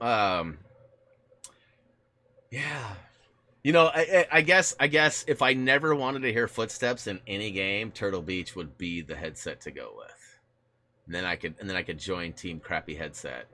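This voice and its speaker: A man's voice: on the low side, lively intonation, unhurried, sharp tone. A man hosting a casual live stream on a gaming headset, rambling with many restarts, laughing often and answering viewer chat.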